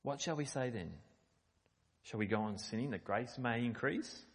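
A man's voice: mid-range voice, moderate pace, husky. A middle-aged man giving a sermon in a conversational, emphatic way, reading scripture and explaining it. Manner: conversational, emphatic on quoted lines. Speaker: preacher. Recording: long hall reverb.

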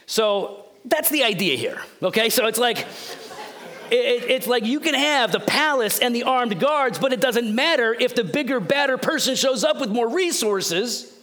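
Animated male pastor, lively delivery. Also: very high-pitched, normal speed. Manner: animated, joking, conversational storytelling. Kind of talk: sermon.

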